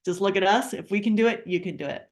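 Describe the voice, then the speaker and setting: Talking fast, a middle-aged woman mixes a heartfelt story from her own life with a pitch for a wellness business. Her chatty delivery has many fillers and false starts.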